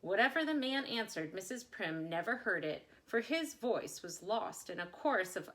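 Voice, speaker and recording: Bright-voiced woman reading a storybook. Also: mid-range voice, moderate pace. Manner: expressive, dramatic storybook delivery. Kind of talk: children's picture-book read-aloud.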